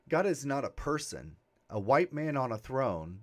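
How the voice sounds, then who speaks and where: Male reverend, conversational sermon into guided meditation, medium pitch, easygoing preaching with asides. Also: huge pitch swings, normal speed, hardly any pauses. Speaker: reverend leading a Sunday broadcast.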